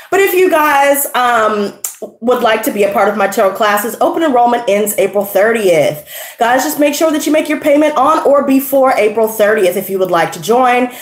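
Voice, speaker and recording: A woman's voice: on the high side, reverberant. A woman hosting a tarot livestream, chatting casually in a brash, profane, slangy way and out of breath.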